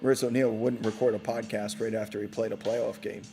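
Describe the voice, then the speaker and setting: Guy hosting a postgame podcast, lowish voice, jokey teasing chat, faint music behind. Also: flat delivery, fairly quick, dark tone. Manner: playful, teasing banter. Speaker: podcast host. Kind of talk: casual live postgame chat.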